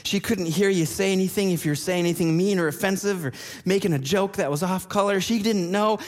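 A man's voice: high voice, fairly quick. A man preaching a sermon, telling personal stories with self-deprecating humor. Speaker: pastor. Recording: long church reverb.

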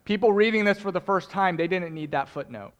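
A man preaching a sermon as pastor, animated and joking as he speaks straight to the congregation. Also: high-pitched, a little fast. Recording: long hall reverb.

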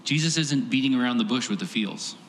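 A man's voice: mid-range voice, lively intonation, fairly quick, a little hiss or hum. A man preaching a sermon as pastor, earnest and emphatic, stacking repeated phrases for effect. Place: large church hall. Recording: echoey hall with long reverb.

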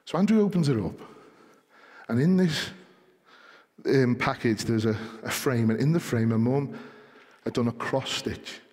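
A man's voice: mid-range voice, a little mellow, in a large hall. A man preaching a sermon to his congregation, telling stories and building to emphatic appeals. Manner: storytelling, rising to emphatic exhortation. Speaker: pastor. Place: church.

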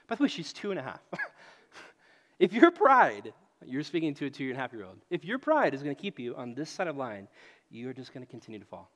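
Speaking fast in a mid-range voice, a man in his late thirties delivers a sermon as a pastor. He brings his stories to life by acting out voices and returns to the same phrases again and again, all echoing around the hall.

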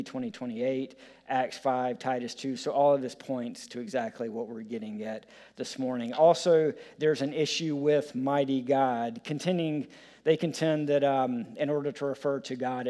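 A man's voice: medium pitch, dark tone. A man preaching a sermon in a conversational way, with frequent fillers and restarts. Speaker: pastor.

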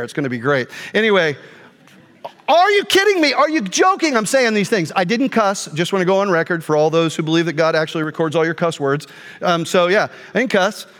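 A middle-aged male pastor telling a personal story in a sermon, animated, jumping between quiet asides and loud outbursts. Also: fairly high pitch. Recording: long hall reverb.

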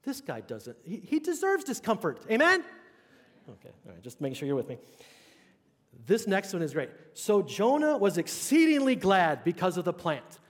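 A man's voice: sits high, wildly swooping pitch, normal speed. A man preaching a sermon to his congregation in a chatty, conversational way, often asking whether they are following along. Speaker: pastor. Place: church sanctuary. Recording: long hall reverb.

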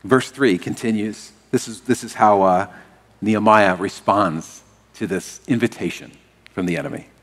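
A man preaching a sermon as pastor, animated and leading the congregation in call and response. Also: on the low side, normal speed, in a large hall.

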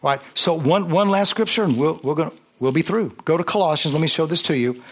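A man preaching a sermon, fervent, with call-and-response and swings between loud emphasis and quiet intensity. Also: on the high side, quick pace.

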